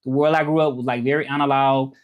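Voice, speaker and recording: A man from Memphis, hosting a casual livestream and talking in a relaxed, rambling way with lots of fillers. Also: medium pitch, quick pace, clear, resonant tone, narrow, tinny audio. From Memphis, USA. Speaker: livestream host.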